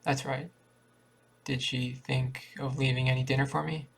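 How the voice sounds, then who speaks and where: A man's voice: mid-range voice, flat delivery, moderate pace, creaky. A man voicing a burly, bitter drunk father in a rage, barking threats in a storybook reading. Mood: gruff.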